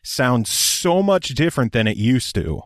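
A man hosting a casual podcast chat, relaxed and asking blunt questions with stammered restarts. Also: medium pitch, unhurried.

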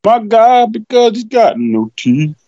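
A man with a high, very lively voice teases his co-host on a podcast, swearing and breaking into laughter easily. His speech swings up and down with animated energy. The audio is dry and a little dull, as if from a modest call mic. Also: measured pace, dry recording. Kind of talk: casual podcast banter.

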